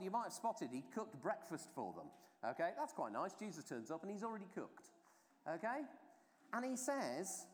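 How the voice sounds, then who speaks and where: A preacher giving an informal, chatty baptism sermon, telling the story with many asides and fillers. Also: mid-range voice. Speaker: clergy trainer preaching at a baptism. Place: church during a baptism service. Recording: long church reverb.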